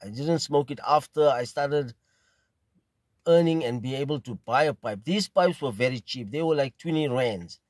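A middle-aged man from South Africa with a South African accent, telling a casual, rambling story at an unhurried pace and often repeating phrases. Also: mid-range voice, no echo. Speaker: pipe smoking video host.

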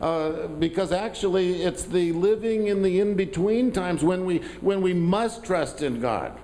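A man's voice: high-pitched, expressive, measured pace, dark tone, a little hiss or hum, rough recording. A man preaching a sermon as pastor, talking in a conversational, self-deprecating way with asides to the congregation.

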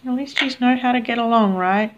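A young woman chatting casually to her pet parrots, cooing and doting, often laughing softly as she films them. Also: fairly high pitch, brisk, muffled recording. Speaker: vlogger and pet bird owner.

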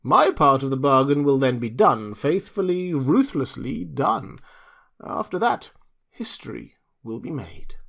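A narrator doing a smooth, velvety schemer with just a trace of a foreign accent, all oily politeness over something ruthless. His voice lifts high and ingratiating, then sinks smug and low as he talks of his price. The reading is a storybook performance. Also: very animated, a little slow, fairly bright tone, exaggerated voice. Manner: obsequious, smug and sly. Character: cunning, oily middle-aged male inventor selling secrets. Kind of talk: audiobook character reading.

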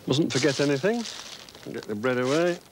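A man presenting a children's TV show and reading a story aloud in a gentle, expressive way. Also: mid-range voice, brisk, slight background noise.

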